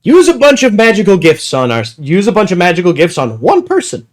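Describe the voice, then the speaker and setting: A man's voice: high-pitched, fairly quick. A man hosting a casual podcast, telling tabletop game stories with lots of laughter. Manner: animated storyteller, laughing often. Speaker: podcast host. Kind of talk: casual chat.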